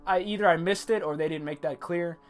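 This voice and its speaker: A man casually reviewing an anime episode on a livestream, animated and profane, stopping to greet and answer chat. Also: sits high, a little fast, faint music behind.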